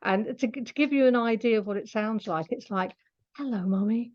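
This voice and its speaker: A Scottish woman with a slightly high, darkish voice speaks a little fast on dull-sounding audio. Interviewed casually as an animal communicator, she's chatty, laughs often, and explains things patiently.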